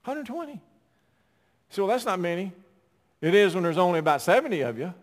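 A pastor preaches to his congregation, his voice sitting a little high for a man. He rises to loud, emphatic cries and drops back to hushed storytelling. A long reverb trails his words through the hall. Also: animated, quick pace. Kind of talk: sermon.

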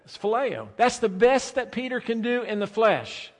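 A man preaching a sermon as pastor, swinging between soft, drawn-out phrases and loud, emphatic bursts. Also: very high voice, big pitch swings. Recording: long reverb of a large hall.

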